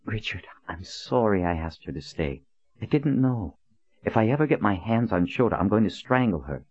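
A man voicing a composed, stern woman leader who speaks in a low, calm, clipped way, on a dull, lo-fi recording. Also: moderate pace, breathy edge, no room sound.

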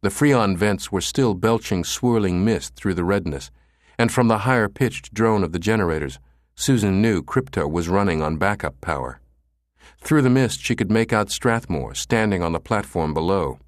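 A man reading an audiobook as narrator in a steady, dramatic storytelling way. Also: fairly low pitch, normal speed, no echo, clean studio sound. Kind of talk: scripted narration.

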